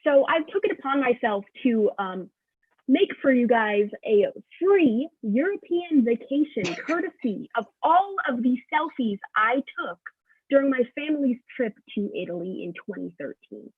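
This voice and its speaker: A teenage girl doing a stand-up comedy set, sarcastic with quick punchlines, on a dry, tinny recording. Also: on the high side, lively intonation, husky, dry recording. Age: late teens. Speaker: student comedian. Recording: dry tinny phone-like sound.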